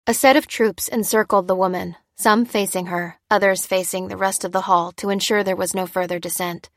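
A woman narrates an audiobook from a script, telling the story in a steady, even way at normal speed. Her pitch is middling, and the recording is dry and close, with no room sound.

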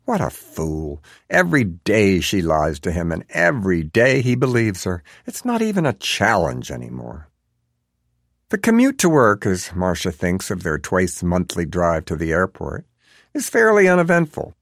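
A man's voice: low-pitched, huge pitch swings, moderate pace, no echo, studio quality. A man narrating a story in a wry, sardonic manner. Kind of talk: audiobook narration.

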